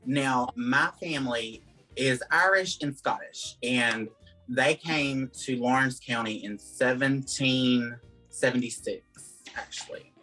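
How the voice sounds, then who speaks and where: A man's voice: medium pitch, slow, sharp tone, faint music behind, poor audio. A man with a Southern US accent, chatting as an interview guest and rambling through his answers with lots of "like" and "um". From Georgia, USA. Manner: chatty, rambling, heavy use of "like" and "um". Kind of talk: casual interview chat.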